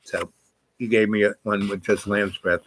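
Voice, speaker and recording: A man's voice: fairly low pitch, level tone, normal speed, a bit bright. Older man rambling through profane stories. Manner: meandering, profane, with many fillers and restarts. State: achy and groaning from sitting too long. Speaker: storyteller. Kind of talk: rambling personal storytelling.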